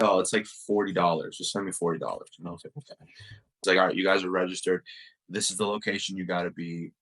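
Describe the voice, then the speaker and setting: A man's voice: sits low, fairly bright tone, rough recording. A young man from Uruguay and the US, telling stories in a casual podcast interview, packing his speech with "like" and "you know". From Uruguay and the United States. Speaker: podcast guest, soccer player.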